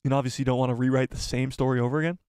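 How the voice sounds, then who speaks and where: A young man hosting a casual live stream, excitable and joking as he talks straight to his chat. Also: medium pitch, rapid-fire, clean tone, no echo, clean studio sound.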